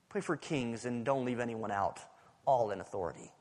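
A male pastor preaching a sermon, swinging between loud urgent passages and hushed, near-whispered lines. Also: medium pitch, lively intonation, normal speed. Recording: preaching in a large reverberant hall.

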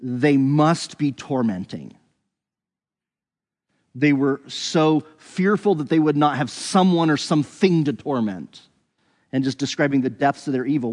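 A man walks through a scripture passage in an unhurried, conversational teaching voice at a middling pitch. He thinks out loud, often restarting and hedging his sentences. His voice rings with a long hall reverb. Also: lively intonation. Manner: thinks aloud, with frequent restarts and hedges. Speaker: Bible teacher.

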